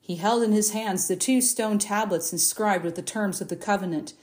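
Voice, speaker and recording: A woman reading a Bible passage aloud in a measured, expressive way, lifting her voice for the quoted speeches. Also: mid-range voice. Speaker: Bible reader. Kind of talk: scripture reading.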